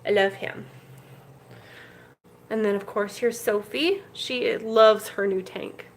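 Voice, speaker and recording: This betta breeder and channel host talks at a medium pitch in a steady, unhurried way, with slight background noise. Walking her handheld camera around her home fish room on a casual livestream, she chats affectionately and coos at the fish.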